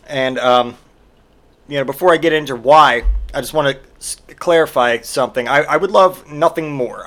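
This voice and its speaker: A man's voice: on the high side, a bit bright. A man hosting a podcast, delivering a profane solo comedic rant full of exaggerated mock outrage. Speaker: podcast host.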